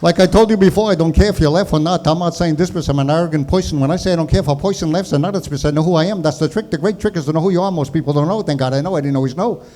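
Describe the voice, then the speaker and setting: A man in his sixties doing an impression of a boastful deadpan comedian with a brisk clipped patter. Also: a little high, close to an everyday voice. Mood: smug. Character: boastful deadpan older male comic with a quick patter.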